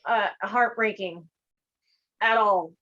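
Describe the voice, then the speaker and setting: A woman chatting casually as an interview guest, playful and blunt, jumping in with quick jokes. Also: mid-range voice, pushed and bright, muffled recording. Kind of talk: casual chat.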